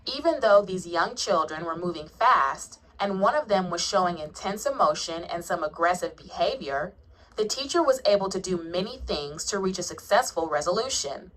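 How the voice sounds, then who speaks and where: A woman calmly narrating a childcare training video, explaining what teachers do. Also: on the low side, moderate pace, distant mic, low-quality recording. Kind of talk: scripted narration.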